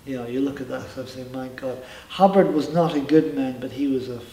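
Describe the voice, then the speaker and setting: A man's voice: medium pitch, brisk, dark tone. A middle-aged man talks through his personal story in an interview, thoughtful and now and then emphatic. His voice sits in a mid range. It was recorded from a distance in an echoey room with a faint hum of ambience behind it. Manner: reflective, with emphatic asides. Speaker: interviewee, former member telling his story.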